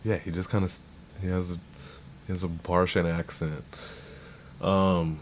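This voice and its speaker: A man's voice: sits low, level tone, unhurried, slight background noise. A man hosting a livestream, reacting to rap verses in loose, profane, rambling casual talk full of restarts.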